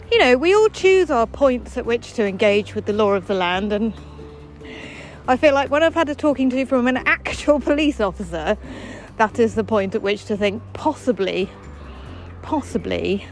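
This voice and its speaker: A woman's voice: fairly high pitch, rough recording. Wry woman chatting on a walk. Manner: wry, self-deprecating, chatty with frequent restarts. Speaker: podcast host. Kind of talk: casual chatty monologue while walking. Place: outdoors on a footpath.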